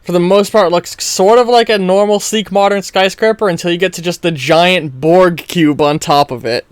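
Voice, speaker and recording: A man's voice: high voice, normal speed, smooth, dry recording. Stumbling, self-mocking male game master. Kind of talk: narrating a role-play story.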